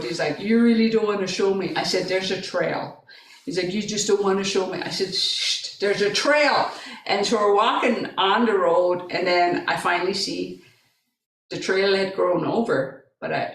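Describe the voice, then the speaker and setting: A middle-aged woman telling a story aloud, animated and acting out the voices in her quotes. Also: fairly low pitch. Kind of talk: oral storytelling. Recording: roomy, mic at a distance.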